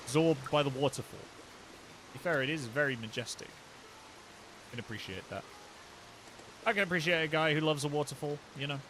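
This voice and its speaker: A man's voice: on the high side, fairly quick, pauses often, slight background noise. A young man live-streaming a game, chatting casually and joking with his chat. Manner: playful, joking asides to chat. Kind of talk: casual live gameplay commentary. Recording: loud music under the voice. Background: loud game music.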